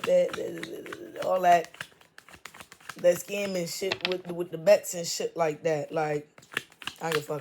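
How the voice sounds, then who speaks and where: A woman's voice: on the low side, noisy background. A young woman giving a tarot reading in loose, slangy, profane casual talk, full of fillers like "like" and "okay?". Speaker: tarot reader.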